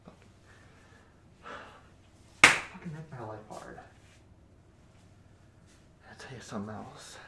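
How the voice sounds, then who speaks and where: A man acting as a crude, menacing bandit captor in a 3D audio role-play, swinging between close whispers and loud taunts. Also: medium pitch, slow pace, creaky, pauses often, roomy sound, very noisy.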